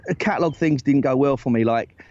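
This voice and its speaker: A man telling animated anecdotes as a guest in a casual podcast interview, full of restarts and asides. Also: medium pitch, quick pace, muffled recording. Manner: animated anecdotes, rising excitedly, lots of restarts. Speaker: guest, former football agent.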